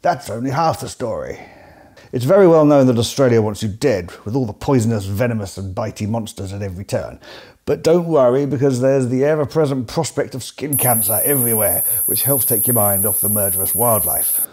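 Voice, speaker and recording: Deadpan English comic narrator, mellow voice. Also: male voice, medium pitch, brisk, husky. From England. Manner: dry, mock-serious sarcasm. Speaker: comedy host.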